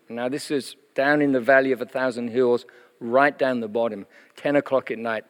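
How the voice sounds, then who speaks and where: A middle-aged man, preaching a sermon as a lively, chatty testimony story, full of fillers and frequent laughter. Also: medium pitch, normal speed. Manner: animated, chatty, laughs often, many fillers. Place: church hall. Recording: long reverb in a church hall.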